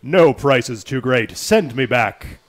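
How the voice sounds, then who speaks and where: A man voicing a determined male adventurer hero, speaking his lines slowly and with earnest heroic conviction. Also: mid-range voice, animated. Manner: slow, loud, earnest heroic declaring.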